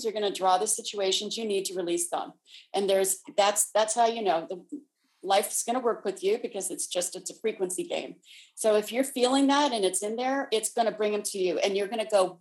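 A woman co-hosting a casual spiritual chat, telling stories and explaining ideas in a steady conversational way. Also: mid-range voice, fairly quick, rough recording. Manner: storytelling, acts out voices in anecdotes. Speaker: co-host.

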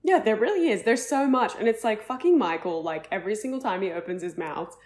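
A woman's voice: medium pitch, animated, a little fast, darkish tone, reverberant. Chatty swearing woman podcast co-host. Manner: chatty, swears freely, jokey. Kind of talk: casual chat.

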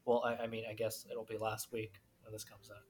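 A woman's voice: very deep voice, level tone, brisk, a little mellow, slight background noise. A woman co-hosting a casual podcast, profane and jokey, reading news aloud between gags. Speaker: podcast co-host. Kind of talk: casual chat.

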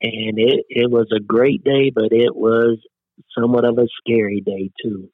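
A man's voice: mid-range voice, little pitch movement, normal speed, dry recording. Earnest middle-aged man, dull lo-fi sound. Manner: earnest, peppers speech with "man". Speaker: guest. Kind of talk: casual interview talk.

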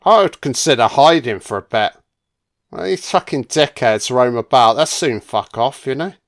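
A man's voice: medium pitch, animated, moderate pace. Sardonic man swearing through a film. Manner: sardonic and profane, jokey asides. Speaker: film commentator. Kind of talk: casual film commentary.

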